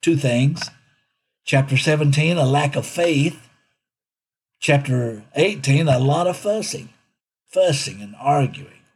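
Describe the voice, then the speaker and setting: A middle-aged man preaching a sermon. His voice is strongly husky and breathy and sits a little high. He repeats his main points for emphasis and lifts sharply in pitch when he quotes someone. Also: takes it slowly, long pauses. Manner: repeats key lines for emphasis, leaps up in pitch when quoting. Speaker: pastor.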